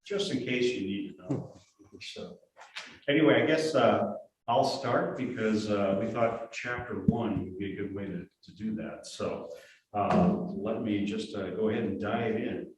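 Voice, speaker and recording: A hesitant, soft-spoken man gets ready to read from his book, his voice a little low. He is far from the mic in a strongly echoing room. Clear background noise sits under his words. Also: a little slow. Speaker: author giving a reading. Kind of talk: casual remarks before a reading. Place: arts center event room. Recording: echoey room, distant mic, noisy.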